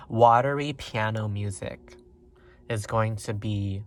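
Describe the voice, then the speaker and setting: A man giving a casual pick-a-card tarot reading, talking in a rambling, excitable way with lots of fillers and sudden leaps up in pitch. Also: takes it slowly. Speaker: tarot reader.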